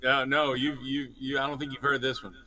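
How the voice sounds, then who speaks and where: Very bright-voiced male podcast guest. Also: medium pitch, little pitch movement, fairly quick, low-quality recording. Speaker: guest, pirate performer. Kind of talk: casual podcast chat.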